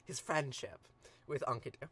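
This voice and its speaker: A man's voice: mid-range voice, normal speed, a bit bright, slightly rough. A man hosting a livestream, reading an ancient epic aloud with chatty, playful commentary and frequent giggles. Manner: chatty, giggly, addresses viewers by name.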